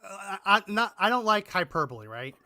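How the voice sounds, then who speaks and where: A man co-hosting a political talk show in a bright, fairly high-pitched voice. He meanders and restarts his sentences, with the odd chuckle. He is recorded on a close, completely dry mic. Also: very animated, fairly quick, dry recording. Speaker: podcast co-host. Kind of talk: casual political chat.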